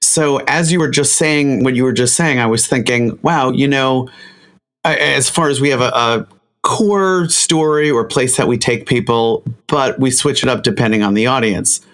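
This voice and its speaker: A man's voice: medium pitch, normal speed, a bit bright. A man who works as a media trainer, a guest on an interview, telling stories to make his points in a coaching way. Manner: coaching, storytelling with emphasis. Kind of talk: conversational interview.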